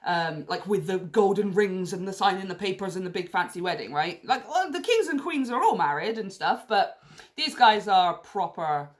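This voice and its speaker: Female tarot reader, excitable and chatty, bursts into squeals of delight, mid-pitched voice. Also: normal speed. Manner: excitable, gushing, chatty with sudden outbursts. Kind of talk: casual tarot reading to camera.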